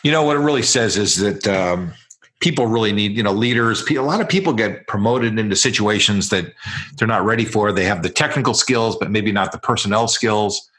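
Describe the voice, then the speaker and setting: A man hosting an interview podcast who asks searching, halting questions. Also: fairly low pitch, a bit bright. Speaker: podcast host.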